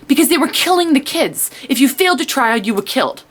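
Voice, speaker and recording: A young woman talks through a book she loved in a loose, casual vlog, her voice sitting a little high. She rambles and restarts, says "like" constantly, and acts out her own reactions as quoted asides. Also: slow pace, long pauses. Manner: excitable, rambling, full of "like". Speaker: book reviewer.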